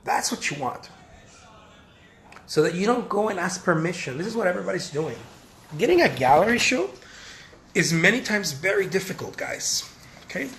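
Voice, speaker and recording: A man's voice: high-pitched, big pitch swings, normal speed, gravelly, pauses often, a bit bright, echoey room. A man, an artist, giving career advice in a casual talk to camera at home, emphatic and repetitive, calling his viewers guys. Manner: emphatic, repeats points, addresses viewers as guys. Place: home, near a backyard.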